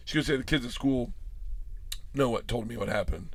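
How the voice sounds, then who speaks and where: A man's voice: mid-range voice, fast, dry recording. A man in his forties telling a wild story in casual podcast chat, swearing freely and acting out the quotes. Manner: animated storyteller, swears often, acts out quotes. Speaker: podcast guest.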